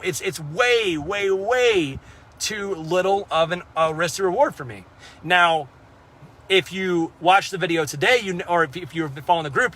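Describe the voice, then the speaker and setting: A man's voice: high-pitched, pushed and bright. Blunt, profane young man. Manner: blunt, profane, rambling with fillers. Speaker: crypto trading vlogger. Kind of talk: casual talk to camera.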